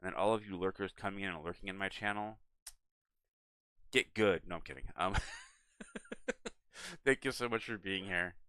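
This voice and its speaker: A young man streaming a game, chatting to viewers in a relaxed, rambling way and yawning now and then. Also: deep voice, fast talker, hardly any pauses, clean tone, no room sound. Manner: relaxed, rambling, talks to chat and his cat. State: yawning, tired. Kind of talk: casual live-stream chat.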